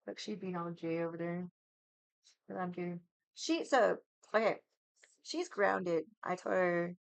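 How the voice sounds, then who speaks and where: A woman's voice: fairly low pitch, unhurried, creaky, no room sound. Foul-mouthed woman streamer, rambling. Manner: profane, rambling, heavy use of "like". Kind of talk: casual storytelling chat.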